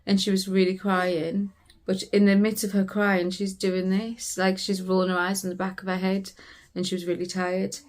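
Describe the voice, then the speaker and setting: A woman's voice: mid-range voice, monotone, moderate pace. A British woman, a family vlogger, earnestly retelling a frightening family emergency in a personal storytelling vlog.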